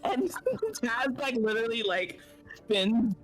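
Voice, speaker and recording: Player rambling thru what their character does, mid pitch, laughs a lot, um um. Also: slow, fairly bright tone, faint music behind. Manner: rambling, laughing, with many fillers. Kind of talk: casual tabletop play.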